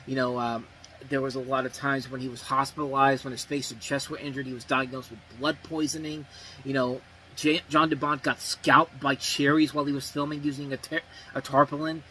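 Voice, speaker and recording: A man's voice: medium pitch, flat delivery, fairly quick, pushed and bright, slight background noise, poor audio. A man hosting a movie review show, talking casually and rambling, with frequent restarts and self-corrections.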